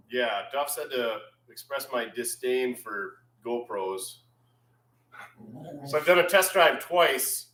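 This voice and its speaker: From his repair shop, a man hosts a casual livestream, rambling in a laid-back way and reading viewer comments aloud. His mid-range voice is reverberant, and the background is noisy.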